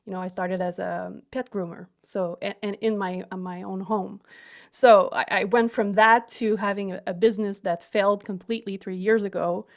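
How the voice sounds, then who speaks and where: A woman hosting a podcast, sharing her own experience in a reflective, halting way. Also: medium pitch, fairly even intonation, gravelly. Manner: reflective, with many fillers and restarts. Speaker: podcast host. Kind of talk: casual interview chat.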